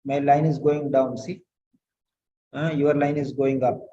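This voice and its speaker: A man tutoring nursing students, correcting a written letter aloud, slow and repetitive, often asking pointed questions. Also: mid-range voice, flat delivery, mellow, muffled recording.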